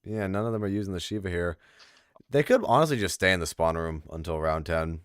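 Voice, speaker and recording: A man's voice: sits low, a little fast, clean tone, dry recording, clean studio sound. A young man casually commentating a game tournament on a stream, chatting with viewers. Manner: chatty, lively, talks to the chat. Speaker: tournament caster.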